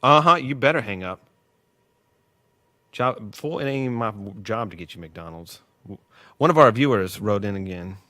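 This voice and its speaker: A man's voice: fairly low pitch, animated, moderate pace, pushed and bright, dry recording. A man rambling casually as host of a test livestream at work, joking and losing his train of thought. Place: workplace.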